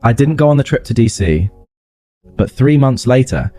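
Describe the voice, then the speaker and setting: Calm, flat-voiced male narrator. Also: medium pitch, moderate pace, no room sound. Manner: flat, calm, matter-of-fact. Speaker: story narrator. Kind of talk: scripted first-person story narration.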